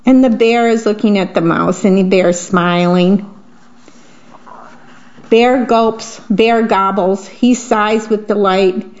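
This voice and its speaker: A woman reading picture books aloud to children in a gentle manner, pausing to describe the pictures. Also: mid-range voice, steady tone. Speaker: storybook reader. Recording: dull lo-fi recording.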